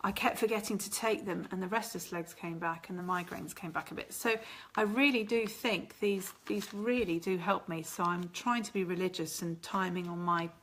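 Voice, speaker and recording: Woman, chatty, rambling, bright tone, casual live-stream chat. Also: fairly low pitch, steady tone, normal speed. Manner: chatty and rambling, laughs often. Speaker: vlogger hosting a live stream.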